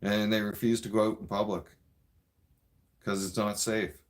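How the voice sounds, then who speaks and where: A man's voice: on the low side, flat delivery, normal speed. A Canadian man delivering an angry, profane political rant in a vlog. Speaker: vlogger.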